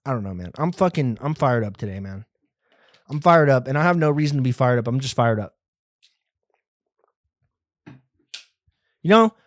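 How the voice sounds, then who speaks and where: A man's voice: medium pitch, fast, dry recording, clean studio sound. Profane, rambling male podcast host. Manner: rambling, profane, self-deprecating. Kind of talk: solo comedy podcast monologue.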